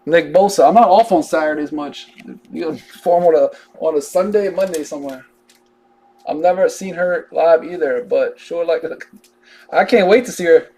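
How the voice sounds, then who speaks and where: Card breaker, male, high voice, chatty and drawling with jokey asides. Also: moderate pace, mellow. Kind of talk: casual live card-break chat.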